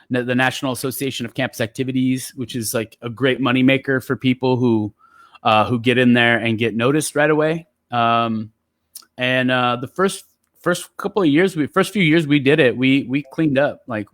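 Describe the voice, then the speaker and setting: A man telling stories in relaxed, casual chat as a guest poet, with lots of fillers. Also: mid-range voice, no echo, clean studio sound. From San Jose area. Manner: relaxed, chatty storyteller with many fillers.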